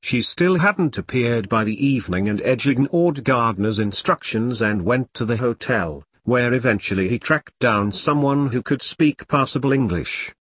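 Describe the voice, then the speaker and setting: A man narrating an audiobook in a steady, dramatic storytelling manner. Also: mid-range voice, normal speed, hardly any pauses, slightly rough, dry recording, clean studio sound.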